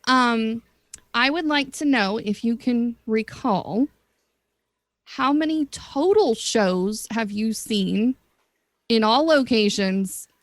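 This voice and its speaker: A woman's voice: fairly high pitch, animated, slow, no echo. A woman putting a casual question to a panel.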